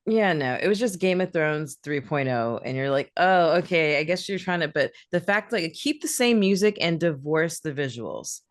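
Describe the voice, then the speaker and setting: A young woman co-hosting a podcast, chatting in an animated way and laughing often. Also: low-pitched, normal speed, few pauses, dry recording, studio quality. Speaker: podcast co-host. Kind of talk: casual chat.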